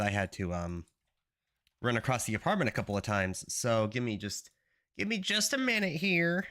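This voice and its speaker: Excitable man streamer with a sore throat. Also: normal speed. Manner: excitable, jumps into high playful greetings. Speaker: game dev streamer. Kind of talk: casual live stream chat. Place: apartment.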